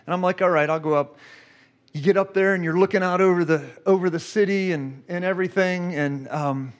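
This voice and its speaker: Male preacher with a high voice, telling an emotional testimony during a sermon. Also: brisk. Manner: emotional, storytelling, repeats himself.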